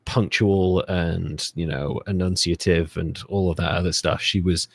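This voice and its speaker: A man's voice: deep voice, fairly even intonation, unhurried, creaky, slightly rough. A man from Britain co-hosting a history podcast, telling the story in a sardonic, profane, rambling way. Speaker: podcast co-host. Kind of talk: casual podcast chat.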